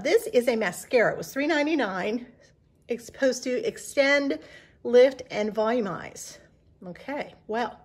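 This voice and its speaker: Woman in her 60s, husky, slightly high voice, chatty grocery haul host. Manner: chatty, homey, rambling with fillers. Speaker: channel host. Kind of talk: casual grocery haul vlog. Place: farmhouse kitchen.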